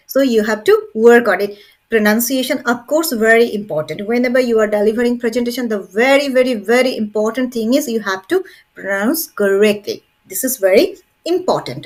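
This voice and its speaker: A woman teacher, lecturing a class and stressing each point with repeated "okay" and "very important". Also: on the high side. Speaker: English teacher.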